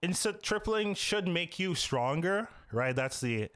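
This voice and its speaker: Animated man hosting a podcast. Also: high voice, unhurried, no echo. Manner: animated, lots of "you know" and "right?". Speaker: podcast host. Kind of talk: casual game-strategy podcast chat.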